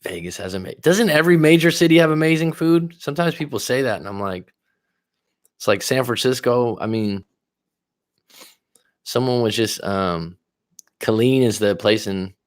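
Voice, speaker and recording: Reacting to comments from viewers, a life coach chats casually on his livestream and swears freely. He has a mid-range voice. The audio is dry and studio-clean.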